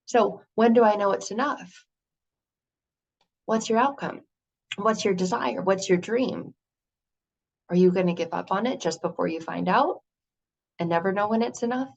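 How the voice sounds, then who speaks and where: A woman giving an earnest, animated motivational talk, full of rhetorical questions. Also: medium pitch, normal speed, vocal fry, long pauses. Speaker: motivational speaker.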